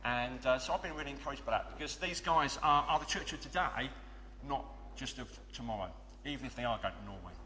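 A man's voice: medium pitch, fast, bright, forceful tone, slight background noise. A man leading a church children's club and speaking earnestly to a congregation, with fillers and restarts. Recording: long reverb of a big hall.

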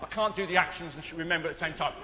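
A man's voice: a little high, rapid-fire, pushed and bright. A man leading a church children's club and speaking earnestly to a congregation, with fillers and restarts. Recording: long reverb of a big hall.

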